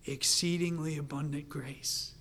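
Earnest preacher man, hushed to fervent. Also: on the high side, steady tone, measured pace. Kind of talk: sermon.

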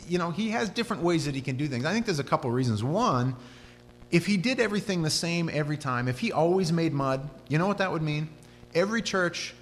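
A man preaching a sermon, telling the story with animated, conversational storytelling that rises and drops. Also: medium pitch. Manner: animated storytelling, voice rising and dropping. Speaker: pastor. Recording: hall reverb with faint hum.

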